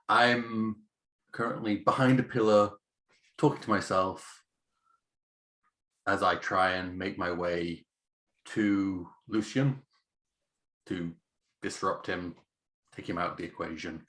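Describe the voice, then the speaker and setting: A man's voice: low voice, fairly even intonation, takes it slowly, pauses often, a bit bright. A man playing a tabletop role-playing game, thinking aloud and describing his character's actions with many fillers. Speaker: player.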